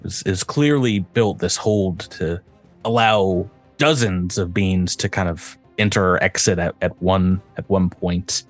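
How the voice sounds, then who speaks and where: A man with a fairly low voice runs a tabletop role-playing game. He narrates the scene in a halting way, restarting often. His delivery is loose and unscripted. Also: faint music behind. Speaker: game master.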